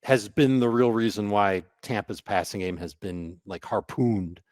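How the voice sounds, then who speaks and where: A man's voice: lowish voice, unhurried, a little mellow, dry recording, clean studio sound. A man hosting a fantasy football podcast, talking in a chatty, playful way. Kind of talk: casual podcast discussion.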